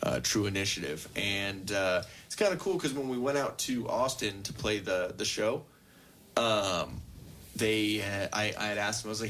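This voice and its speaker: A man's voice: lowish voice, moderate pace, a bit bright, a little hiss or hum. A young man co-hosting a casual podcast, rambling with lots of fillers and swearing freely. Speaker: podcast co-host. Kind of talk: casual chat.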